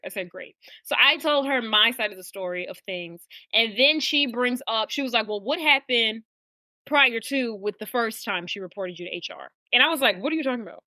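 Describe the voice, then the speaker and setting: Young woman podcast co-host, animated and profane, bright sharp voice, higher pitch, dry close sound; casual storyteller. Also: fairly quick, no room sound. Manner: animated storyteller, swears freely.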